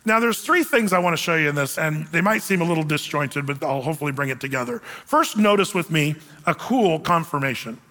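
A man preaching a sermon as pastor, in a conversational, animated style with casual asides. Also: a little high, fairly quick, hardly any pauses. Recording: long reverb of a large hall.

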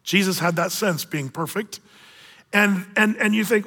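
A man preaching a sermon as pastor, animated and acting out the voices of the people in the story. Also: high voice, a little slow, big-room sound.

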